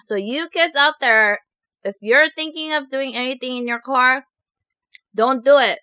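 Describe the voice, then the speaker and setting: Bright, giggly woman vlogger. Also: on the high side, normal speed, clean tone, no echo. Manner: animated, giggly storytelling. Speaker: mukbang vlogger. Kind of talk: casual chat reading viewer confessions.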